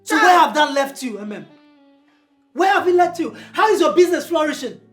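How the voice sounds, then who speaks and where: A blunt friend, firm and scolding, her high voice swooping widely. Faint music runs under her. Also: expressive, a little fast. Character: blunt woman friend who refuses to lend money.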